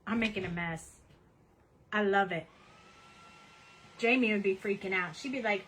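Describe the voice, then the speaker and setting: A woman's voice: on the high side, normal speed, long pauses, a bit bright, a little hiss or hum, rough recording. A woman hosting a casual craft demonstration at her home desk, chatty and cheerful as she narrates each step. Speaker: craft tutorial host.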